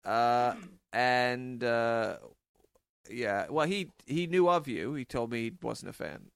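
A man co-hosting a podcast, recounting a story in a deadpan, sarcastic way. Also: medium pitch, slow pace, gravelly, clear, resonant tone, no echo. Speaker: podcast co-host. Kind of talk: casual comedic chat.

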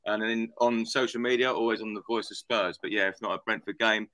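A man who is a podcast guest, chatting in a relaxed way. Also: lowish voice, fairly quick, no room sound. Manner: relaxed, chatty, laughs easily. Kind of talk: casual chat.

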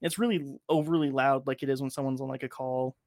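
A man's voice: medium pitch, fairly even intonation, quick pace, a little mellow, no echo, studio quality. A man hosting a podcast in casual chat. He rambles and swears, with lots of filler words. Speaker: podcast host.

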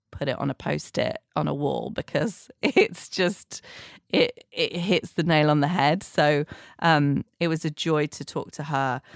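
Podcast host, woman, gravelly low-fi fry, dry close mic, casual rambling recap. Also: dry recording. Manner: chatty, rambling, warm asides.

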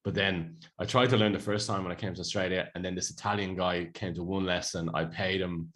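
A chatty Irish man with a very low voice co-hosts a relaxed radio chat. He tells long stories and laughs easily. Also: fairly quick. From Ireland. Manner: chatty storyteller, laughs often.

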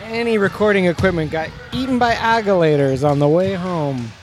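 Mischievous man, a bit high-voiced. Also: normal speed, background noise. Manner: mischievous, absurd, self-mocking. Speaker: co-host. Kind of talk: joking banter. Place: courtside in a warm gym.

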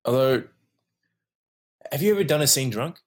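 A man from Australia, an actor co-hosting a casual chat, telling animated stories and laughing often. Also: mid-range voice, moderate pace. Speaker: actor, podcast co-host.

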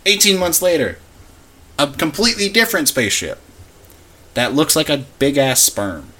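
A young man co-hosts a podcast, rambling and cracking jokes through a casual movie recap packed with fillers. His voice is a little high, expressive and bright, with a forceful tone at a moderate pace, captured on a podcast mic.

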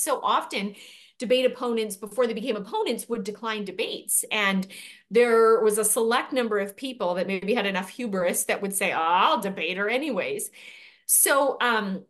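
A woman's voice: mid-range voice, fairly bright tone. A woman from Canada, a guest speaker and author, answering interview questions in fluent, articulate storytelling.

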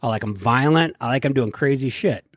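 A man's voice: medium pitch, brisk, no echo, studio quality. A man co-hosting a podcast, telling stories with lots of swearing and acted-out quotes in casual chat. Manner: loud, swearing, animated storytelling with put-on quotes. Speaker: podcast co-host.

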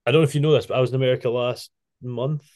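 Animated podcast host. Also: male voice, medium pitch, rapid-fire. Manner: animated storyteller, laughs a lot, loose phrasing. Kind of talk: casual chat.

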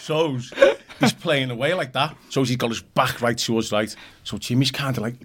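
A man's voice: medium pitch, moderate pace, fairly bright tone. A middle-aged man, a podcast guest, telling rambling stories in casual chat, swearing freely and acting out what others said. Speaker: podcast guest, former footballer.

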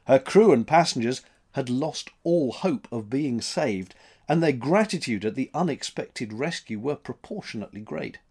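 A man reading a story aloud as narrator, in an expressive, dramatic manner. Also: mid-range voice, normal speed, breathy edge.

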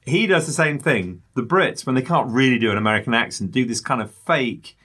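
A man's voice: medium pitch, expressive, fairly quick, bright, forceful tone, slightly rough. A man, co-hosting a casual film review with jokey, rambling asides.

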